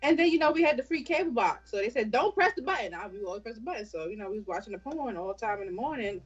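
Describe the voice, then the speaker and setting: A woman's voice: mid-range voice, lively intonation, racing, dull audio, faint music behind. A woman in her thirties, a business owner and interview guest, telling stories bluntly with plenty of swearing. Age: 30s. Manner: blunt, storytelling, heavy swearing. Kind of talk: casual interview chat.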